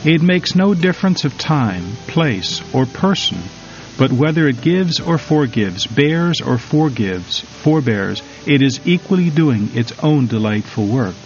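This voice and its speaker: A man's voice: medium pitch, big pitch swings, unhurried. Solemn male devotional reader. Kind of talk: slow devotional reading. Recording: slightly dull recording over faint music.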